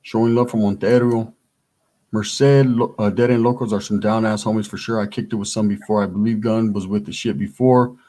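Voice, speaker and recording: A man's voice: on the low side, flat delivery, a little fast, warm tone. Slangy man co-hosting a livestream. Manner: streetwise slang, reads chat aloud. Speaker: livestream co-host. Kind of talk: casual livestream chat.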